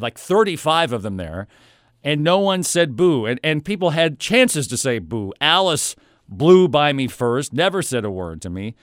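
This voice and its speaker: A man recounts a story in a loose, animated monologue, tossing in playful asides. His voice sits a little high for a man and sounds smooth and resonant. The recording is close and dry. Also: dry recording.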